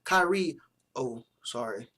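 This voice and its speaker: A man's voice: medium pitch, animated, slow, sharp tone, a little hiss or hum. A young man giving casual, profane commentary as a vlogger, blunt and mocking with plenty of slang. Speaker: vlogger reviewing sports jerseys.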